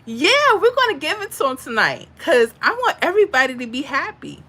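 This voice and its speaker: A woman's voice: sits high, very animated, brisk, sharp tone, low-quality recording. Chatty woman livestream host. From Florida. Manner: chatty, reads and answers viewer comments. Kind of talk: casual livestream chat.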